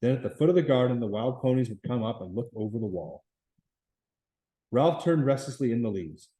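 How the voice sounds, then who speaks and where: Man reading a novel aloud, steady. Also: medium pitch, fairly quick, rough recording. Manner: steady, with small stumbles and restarts. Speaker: reader.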